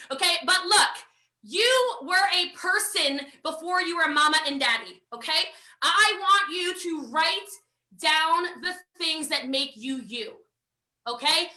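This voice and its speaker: An American woman giving a live online sales training, talking in an energetic, emphatic way and repeating phrases for drive. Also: extremely high pitch, unhurried, reverberant. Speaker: network marketing trainer.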